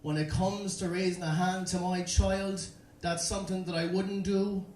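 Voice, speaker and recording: A man's voice: sits high, little pitch movement, normal speed, darkish tone, slight background noise, voice pushed up, lightly acted. A man doing a drunk speechy cousin. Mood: solemn. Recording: echoey live club room.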